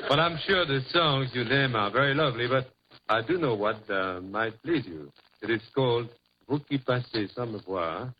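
A man's voice: mid-range voice, animated, moderate pace, some chatter behind, slight background noise. A man with a French accent, a native French speaker, appearing as a singer guest and speaking in a polite, courtly way. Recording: lo-fi old radio broadcast with music.

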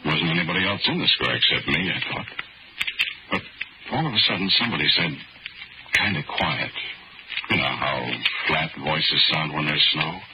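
A man's voice: extremely low pitch, expressive, normal speed, long pauses, muffled recording, very noisy. A man playing an easygoing working-class New Yorker who tells his story in a folksy drawl, in an old-time radio drama. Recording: old radio broadcast with music bed.

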